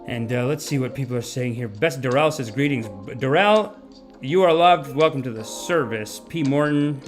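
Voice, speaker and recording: A man's voice: mid-range voice, moderate pace, soft background music. A man hosting a comedic livestream, rambling in a mock-preachy, profane manner. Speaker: podcast host.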